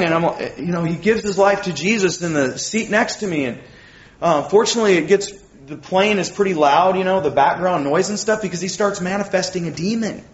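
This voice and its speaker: A man preaching in a relaxed, chatty way, weaving personal stories into his sermon and checking in with the listeners. The sound is a little dull and roomy, with a faint hum behind it. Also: on the high side. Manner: conversational, animated storytelling, asks the audience questions.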